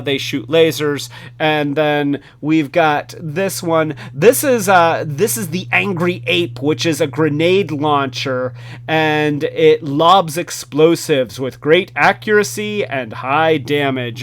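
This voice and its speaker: Slow-talking enthusiastic man reviewing toys. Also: fairly high pitch, a bit bright, a little hiss or hum. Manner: enthusiastic, rambling with fillers and restarts. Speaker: toy review host. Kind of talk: casual hands-on product review.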